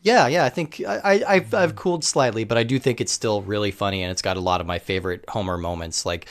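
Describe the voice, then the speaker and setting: A man's voice: fairly low pitch, quick pace. A man guesting on a podcast, talking enthusiastically with many filler words. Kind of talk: casual podcast chat.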